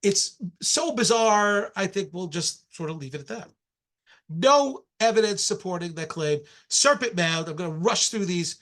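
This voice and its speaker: A man's voice: high voice, expressive, unhurried, fairly bright tone. A middle-aged man, an archaeologist, giving a public lecture with slides in a conversational way, with frequent restarts and asides.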